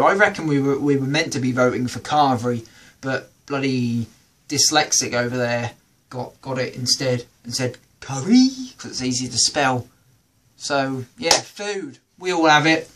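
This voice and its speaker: A man with a British accent hosting a comedy show, performing a stand-up routine and acting out the voices of people in his stories. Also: a little high. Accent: British English. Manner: animated, acts out quoted voices. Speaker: comedy podcast host.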